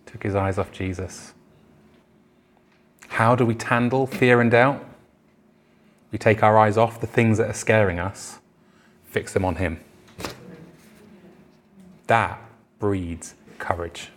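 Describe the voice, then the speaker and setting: A man's voice: lowish voice, slow, pauses often. Man preaching a conversational sermon. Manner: conversational preaching, acts out quoted voices. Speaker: pastor. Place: church.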